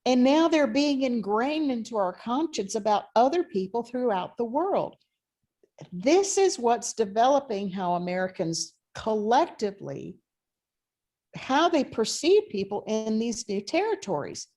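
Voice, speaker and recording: A woman's voice: fairly high pitch, very animated, unhurried, dark tone. A woman professor giving an online history lecture in a conversational way, thinking aloud with frequent fillers.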